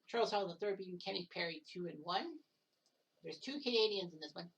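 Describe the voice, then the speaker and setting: A woman provides casual solo commentary on results from a simulated golf match-play event, joking on the side, correcting mixed-up names, and swearing now and then. Her voice is on the low side and she talks fast. She's recorded from a distance.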